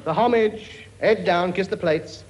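A man's voice: high-pitched, unhurried. An actor playing a cheeky, bossy king who lectures his many children in a comedy sketch. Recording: noisy recording.

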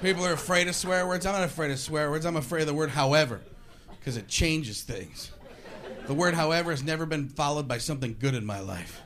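A male stand-up comedian telling animated, sarcastic stories on a club stage. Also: on the high side, a little fast, background noise. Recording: live club with audience laughter.

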